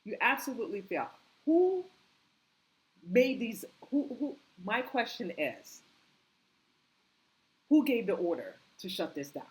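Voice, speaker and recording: A woman's voice: sing-song, unhurried, long pauses, rough recording. Indignant woman ranting. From United States. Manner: indignant, repetitive, rhetorical questions, rising pitch when angry. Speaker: political commentary vlogger. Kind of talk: impassioned opinion monologue.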